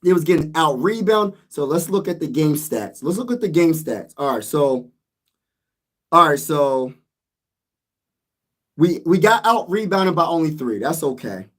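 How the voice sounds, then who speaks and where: A man's voice: on the high side, expressive, unhurried, long pauses. Guy venting hard after his team lost, keeps repeating himself. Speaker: sports vlogger. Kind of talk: casual sports rant.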